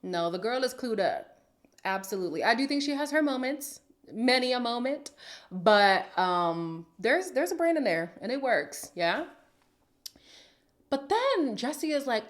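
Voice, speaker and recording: A woman with a slightly high voice hosts a casual reaction vlog about reality TV. She is animated and opinionated, with dramatic sighs and sudden whispered asides. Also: measured pace. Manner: sassy and opinionated. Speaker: reality TV recap host.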